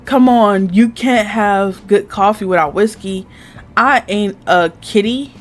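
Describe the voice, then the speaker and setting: A woman voicing a gruff, flirty tall man who talks bluntly with a drawl and tries out an accent. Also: mid-range voice, slow pace, faint music behind, natural voice. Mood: pushy.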